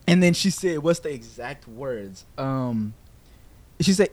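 A young man hosting a podcast, telling a story in casual chat, animated, with swearing and laughter. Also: a little high, moderate pace, no room sound. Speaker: podcast host. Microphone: podcast microphone.

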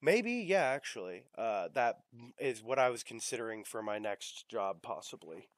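A man's voice: mid-range voice, big pitch swings, moderate pace, no room sound. A young man hosting a casual podcast chat, rambling with fillers and the odd swear word. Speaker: podcast host.

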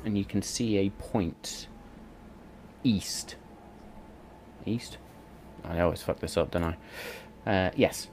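A man narrating as game master in a tabletop game, with slow, dreamy descriptions and casual swearing. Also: low voice, steady tone, darkish tone, slight background noise.

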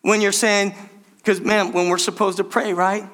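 This pastor has a high, somewhat bright voice with a flat delivery and a moderate pace. Preaching a sermon, he speaks emphatically and keeps calling out to the congregation.

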